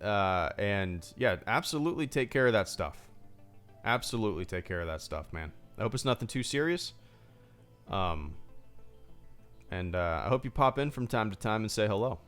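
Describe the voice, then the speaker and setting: Lower-voiced man, lively delivery, rambling casual stream Q&A, faint music behind. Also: moderate pace. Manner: rambling, chatty, many restarts and fillers. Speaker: YouTube channel host. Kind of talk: casual livestream supporter Q&A.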